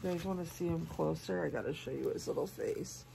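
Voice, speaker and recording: A woman in her forties, sick, gushing over a doll in a casual unboxing vlog, with soft hushed asides. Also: deep voice, fairly quick, creaky. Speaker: doll collector and channel host.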